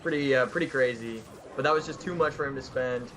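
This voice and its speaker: A man's voice: mid-range voice, fast talker, fairly bright tone, a little hiss or hum. A man co-casting a live esports match, analysing plays loosely with many fillers and restarts. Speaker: esports co-caster.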